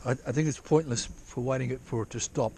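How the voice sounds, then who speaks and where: Gravelly, swearing rambling man. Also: mid-range voice, fairly quick, warm tone, a little hiss or hum. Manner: rambling, profane, self-interrupting. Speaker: vlogger prospecting for gold. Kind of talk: casual rambling vlog. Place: outdoors at a dig site in drizzle.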